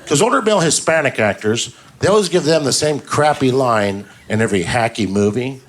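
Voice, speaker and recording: A man doing a stand-up comedy set on a club stage, telling stories in a deadpan way and slipping into quick put-on voices for the characters. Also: medium pitch. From Southern California. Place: comedy club stage before a live audience. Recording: live club recording, loud audience noise.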